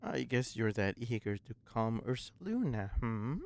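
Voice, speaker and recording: A man reading the lines of a stubborn, guarded elderly woman in a low, subdued voice. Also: expressive, unhurried, darkish tone. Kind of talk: reading game dialogue aloud.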